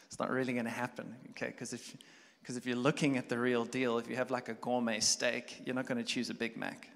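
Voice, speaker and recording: Man, pastor, chatty sermon, gravelly and bright, reverberant hall. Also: mid-range voice, a little fast. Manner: conversational, builds from quiet musing to loud animated storytelling. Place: church hall. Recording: long church hall reverb.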